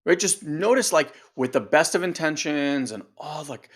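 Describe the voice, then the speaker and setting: A male coach with a slightly high voice, talking straight to his audience. He is emphatic and direct and keeps throwing rhetorical questions at the listeners. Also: animated, unhurried. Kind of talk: motivational coaching talk.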